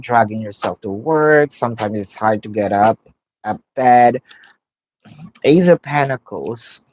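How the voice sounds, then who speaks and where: A woman with a bass, slightly mellow voice, captured in a rough recording, gives a live tarot reading. She muses aloud, names each card as she draws it, and repeats phrases.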